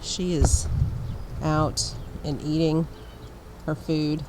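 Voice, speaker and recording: A middle-aged woman, sick and hoarse, chatting in a rambling way with frequent laughs while feeding chickens outdoors. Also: low voice, level tone. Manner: slow, rambling, laughs often. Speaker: vlogger. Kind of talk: casual vlog chat. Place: outdoors in a snowy yard with chickens. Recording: outdoor background noise. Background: outdoor ambience with animals.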